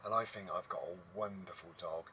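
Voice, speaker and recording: A man's voice: sits low, brisk, pushed and bright, a little hiss or hum. A man telling a story to camera in a rambling, casual way, with many ums, inside a motorhome. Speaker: vlogger.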